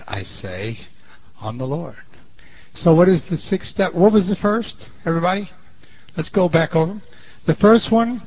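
High-voiced animated preacher man. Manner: animated preaching, swinging between loud and quiet. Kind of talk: sermon. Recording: muffled lo-fi sermon recording.

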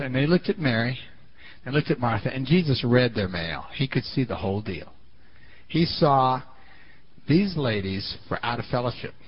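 A man's voice: medium pitch, muffled recording. A man preaching a sermon in a dramatic storytelling style, often asking the audience questions.

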